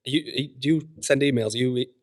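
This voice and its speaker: A man from Leeds, a guest personal trainer, chatting frankly and swearing casually, with plenty of quick yeahs. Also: mid-range voice. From Leeds, England. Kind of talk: casual chat. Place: gym.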